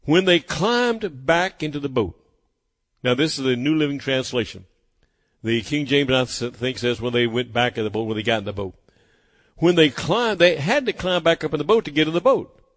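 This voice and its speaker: A man's voice: medium pitch, animated, normal speed, a bit bright. A man preaching a sermon, emphatic and driving his points home by repeating phrases. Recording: long hall reverb.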